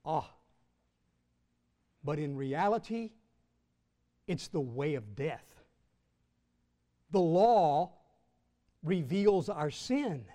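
A Baptist pastor teaches the Bible to his church congregation in a measured, emphatic way, slowing down and rising in pitch when he reads scripture. His voice is high and mellow, and he sounds like he is in a large hall.

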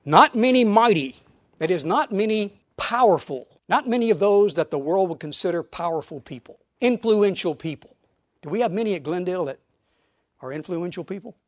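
A man preaching a sermon to his church, emphatic, with rhetorical questions and sudden drops to quiet asides. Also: high voice, expressive, normal speed, no room sound, clean studio sound. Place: church auditorium.

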